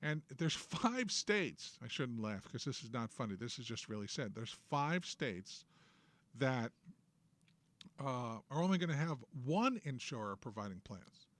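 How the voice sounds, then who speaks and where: A man's voice: medium pitch, animated, moderate pace. A man with a New York accent hosting a political talk show, ranting in a sarcastic, emphatic way. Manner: opinionated, sarcastic, emphatic rants. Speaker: host.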